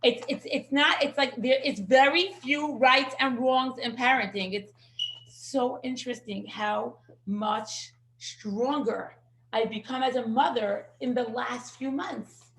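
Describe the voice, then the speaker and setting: A woman teaching a parenting class in a casual, animated storytelling way, acting out what people said and dropping in Yiddish words. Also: on the high side, slow. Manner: animated storyteller who acts out quotes and sprinkles in Yiddish words. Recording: echoey room.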